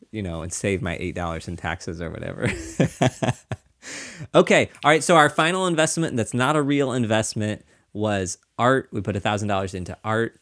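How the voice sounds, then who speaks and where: Chatty low-voiced man hosting a podcast. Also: a bit bright. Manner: chatty, laughs often, self-mocking. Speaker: podcast host. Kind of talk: casual chat.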